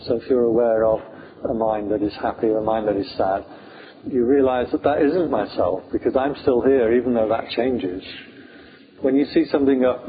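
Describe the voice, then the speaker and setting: A British man, a Buddhist monk, teaching meditation in an informal, humorous talk full of fillers. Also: mid-range voice. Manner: chatty, humorous, many fillers. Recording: tinny phone-like sound, faint hiss.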